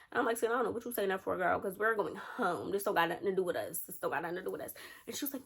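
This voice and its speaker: A woman's voice: mid-range voice, very fast, breathy edge. A young adult woman, telling a storytime tale casually and acting out the lines of friends and a boyfriend. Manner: animated, acts out friends' and a man's lines in quotes. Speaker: storytime vlogger.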